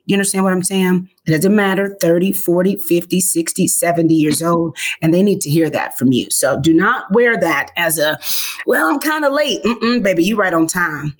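A young woman appears as a guest on a radio talk show, speaking in an encouraging, affirming way. Her talk is casual and colloquial, and her voice sits somewhat low. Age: young adult. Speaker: guest, media specialist.

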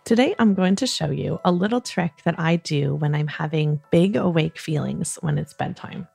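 A woman hosting a children's bedtime podcast, talking in a soft, soothing, gentle way. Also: deep voice, creaky, breathy edge, no echo, faint music behind. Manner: soft, slow, soothing, playfully acts out yawns. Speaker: host of a kids bedtime podcast.

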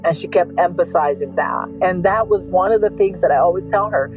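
A woman with a somewhat low voice tells of her daughter's last months, reliving each conversation by voicing both herself and her child. Soft music sits faintly beneath her. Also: a little fast, hardly any pauses, low-quality recording. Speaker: victim's mother, interviewee. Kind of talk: emotional personal recollection.

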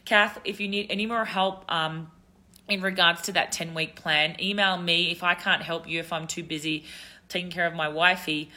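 Australian woman host, casual live Q&A, low pitch, bright tone. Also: steady tone, normal speed. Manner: chatty coaching tips, with fillers. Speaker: podcast host.

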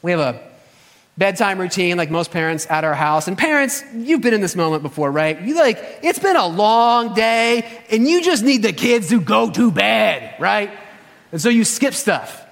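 A man preaches in a large reverberant room, and his high voice rings out with a long hall echo. He is an animated, emphatic storyteller who keeps turning to address his listeners directly. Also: normal speed, vocal fry. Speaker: pastor. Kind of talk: sermon.

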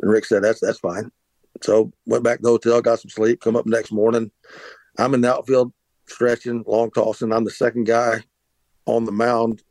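A man's voice: medium pitch, little pitch movement, normal speed, a little mellow, no room sound, poor audio. Brief: middle-aged man, dry, rambling storyteller. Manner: rambling anecdotal, frequent restarts and filler "uh". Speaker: interview guest, former pitcher. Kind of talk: casual storytelling.

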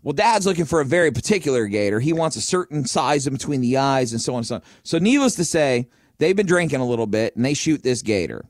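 A middle-aged man from Florida, a podcast host, telling an animated story in casual chat with a chuckle now and then. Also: mid-range voice, fast, few pauses, no room sound, studio quality.

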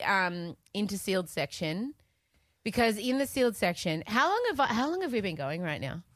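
A woman's voice: mid-range voice, very animated, moderate pace, fairly bright tone, no echo. A middle-aged Australian woman co-hosting a podcast, chatting and gossiping with frequent laughs. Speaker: podcast co-host. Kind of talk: casual chat.

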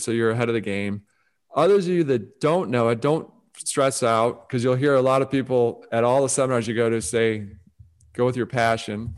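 Animated man giving advice. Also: medium pitch, smooth. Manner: animated, acts out quoted voices. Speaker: guest speaker on focus and success. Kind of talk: conversational advice talk.

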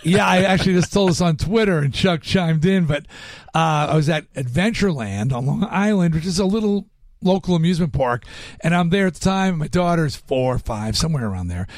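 A man in a relaxed interview, spinning stories with plenty of energy and slipping into other people's voices as he goes. His voice sits a little on the higher side for a man, and the sound is dry and close with no room around it. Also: fairly quick, no room sound. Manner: animated storyteller acting out quotes. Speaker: guest musician. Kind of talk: casual interview storytelling.

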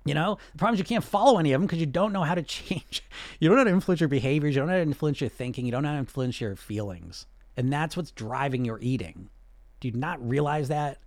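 Blunt, animated male weight-loss coach. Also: fairly high pitch, quick pace, dry recording, clean studio sound. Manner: blunt, animated, rhetorical questions. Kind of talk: livestream coaching talk answering questions.

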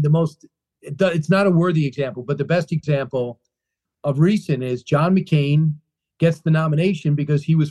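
A man being interviewed about his book, answering in an animated storytelling way, emphatic and full of restarts and repeated phrases. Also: on the high side.

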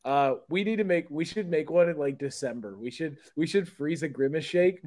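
Podcast guy riffing, swears a lot, kinda higher voice, goofy and animated. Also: moderate pace. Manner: joking, profane, animated storytelling. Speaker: podcast co-host. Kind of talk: casual chat.

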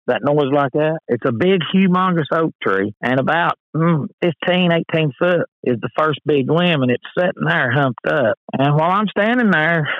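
A man's voice: on the high side, dry recording. Man telling a story over a tinny line. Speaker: podcast guest. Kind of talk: casual storytelling. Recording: tinny phone-like sound.

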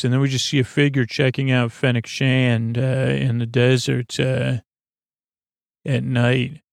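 A man with a gravelly, fry-laden voice recaps a TV episode in a rambling, deadpan way, tripping over restarts and fillers. He keeps his pitch flat and close to the mic in a dry, dead room. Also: no room sound. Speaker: podcast host recapping an episode.

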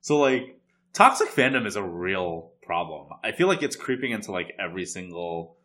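A man's voice: sits low, animated, moderate pace, fairly bright tone. A man co-hosting a podcast, chatting casually in a rambling way with lots of filler words. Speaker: podcast co-host. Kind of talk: casual chat.

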